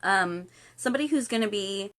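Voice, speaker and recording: Woman host, casual livestream, chatty and playful, middle pitch. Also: lively intonation, fairly quick, fairly bright tone. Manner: chatty, playful, puts on silly voices for quotes.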